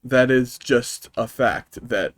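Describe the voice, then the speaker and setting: A man's voice: mid-range voice, slow pace. A man streaming a video game, ranting profanely and rambling with lots of fillers and restarts. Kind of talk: live-streamed gameplay commentary.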